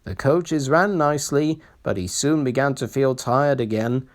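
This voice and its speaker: A reader giving a slow, expressive read-aloud of a children's railway storybook. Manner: slow, expressive reading with lively pitch.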